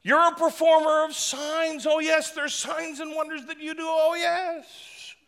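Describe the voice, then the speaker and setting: Man doing a high, oily flatterer of a politician, animated, echoey hall. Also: unhurried, creaky, exaggerated voice. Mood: flattering. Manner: oily and sycophantic. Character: fawning, flattering male Pharisee politician.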